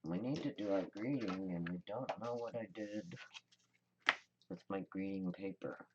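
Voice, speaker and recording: A woman's voice: rumbling low, animated, unhurried, muffled recording, very noisy. A woman hosting a card-making tutorial, chatting casually and thinking aloud as she works. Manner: chatty, rambling, thinks aloud while working. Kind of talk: casual crafting demonstration.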